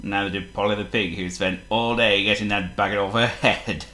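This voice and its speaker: A man reading a children's story aloud in an expressive, playful way. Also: on the low side, echoey room. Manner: expressive and playful, laughs as he reads.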